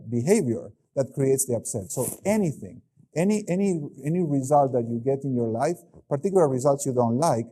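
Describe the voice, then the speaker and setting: Brief: middle-aged male keynote speaker, warm mellow tone, animated delivery. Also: medium pitch. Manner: animated, acts out quoted voices. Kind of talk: keynote lecture.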